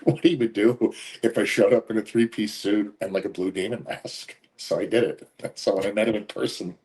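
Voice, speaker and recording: A man being interviewed as a guest, telling relaxed stories in casual conversation and often laughing while he talks. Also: lowish voice. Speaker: interview guest, professional wrestler.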